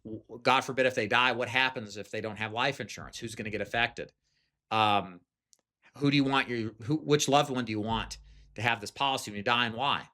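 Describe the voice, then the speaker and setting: A man's voice: medium pitch, a little fast, bright, forceful tone. A man giving a direct, conversational sales lesson, often checking in with "okay?". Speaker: sales trainer. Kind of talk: instructional talk.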